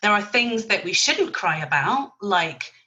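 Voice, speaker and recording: Podcast guest: bright, forceful woman, blunt and chatty. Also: medium pitch, big pitch swings, unhurried, lo-fi sound. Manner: chatty and blunt, sprinkles in mild swearing and laughs. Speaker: podcast guest, virtual assistant business owner. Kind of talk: casual podcast chat.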